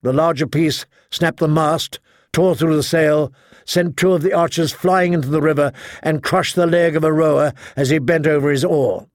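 A man narrating a story as an audiobook reader, in a steady, measured reading style. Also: fairly high pitch, no echo, studio quality. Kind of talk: scripted narration.

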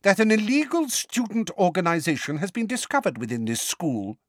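A man voicing a hearty, blustering middle-aged minister who is quick to anger. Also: high-pitched, wildly swooping pitch, a bit bright, dry recording, clean studio sound, pitched above the performer's own voice, exaggerated voice. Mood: angry.

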